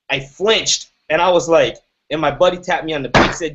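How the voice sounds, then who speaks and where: A man's voice: a little high, brisk, few pauses, a bit bright, slight background noise. A man in his thirties giving an emphatic motivational talk, often asking "right?". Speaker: motivational speaker. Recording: dull lo-fi recording.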